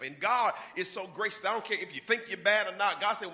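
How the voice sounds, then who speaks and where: A man preaching a sermon to a congregation, swinging from quiet asides to loud, drawn-out declarations. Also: sits high, expressive. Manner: rising to loud, drawn-out preaching with call-and-response.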